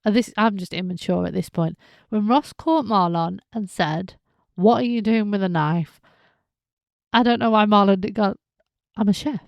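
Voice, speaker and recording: Female podcast host, casual soap recap, animated, slips into characters' voices; slight fry, dry close mic. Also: medium pitch, normal speed, no room sound. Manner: chatty, animated, acts out characters' lines.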